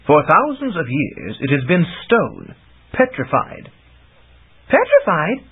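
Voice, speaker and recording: Man reading a fantasy story aloud, very lively pitch, husky, tinny phone-like sound. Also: a little slow. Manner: animated storytelling. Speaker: audiobook narrator. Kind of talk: scripted narration. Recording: tinny lo-fi audiobook recording.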